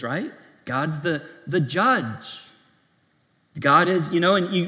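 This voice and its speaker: A man preaching a sermon to young adults, in a conversational style full of restarts and lively asides. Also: sits high, big-room sound.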